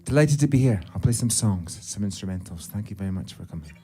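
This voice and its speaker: A Scottish singer-songwriter whose first language is English, chatting to a concert audience in halting, apologetic, self-mocking banter between songs. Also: male voice, fairly low pitch, animated. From Scotland. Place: studio concert stage. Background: acoustic guitar.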